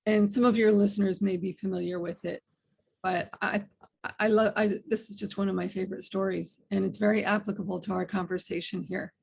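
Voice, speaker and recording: A woman's voice: mid-range voice, steady tone, fairly quick, creaky, a little mellow, breathy edge. A woman guest on a podcast interview, telling stories in an earnest way with frequent restarts. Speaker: guest author.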